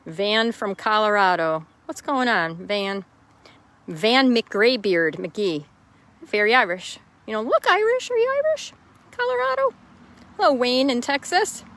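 A woman's voice: medium pitch, fairly bright tone. A woman hosting a casual live stream from her chicken yard outdoors, greeting viewers by name and answering their questions. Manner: chatty, reads out viewer names and answers questions. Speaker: host.

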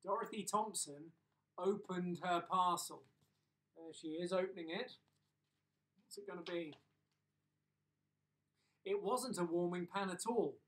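A middle-aged man reading a children's bedtime story on a live stream, animated, with chuckling asides. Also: sits high, unhurried, pauses often, distant mic, rough recording. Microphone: phone or laptop on a live video stream.

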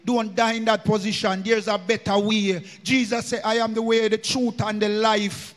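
A man's voice: high voice, little pitch movement, moderate pace, hardly any pauses, fairly bright tone, in a large hall. A man with a Jamaican accent preaching a sermon in a church, slipping into patois and chanting his lines in a sung cadence. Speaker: minister.

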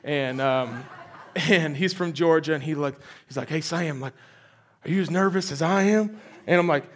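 Young guy preaching, slightly high voice, chatty, lots of um and restarts. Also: normal speed, slight background noise. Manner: conversational and animated, many fillers and restarts. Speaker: guest preacher. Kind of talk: sermon with personal storytelling.

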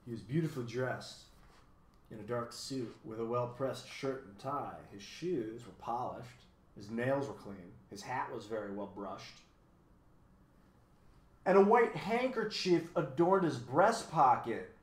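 A man reading a children's story aloud as narrator, in an expressive, even storytelling manner, in a roomy recording. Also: medium pitch, a little slow, a little hiss or hum. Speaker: audiobook reader.

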